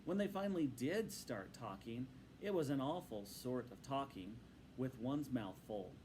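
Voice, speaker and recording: A man reading a storybook aloud to his students in a patient, instructive and expressive way. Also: mid-range voice, measured pace, slight background noise, rough recording.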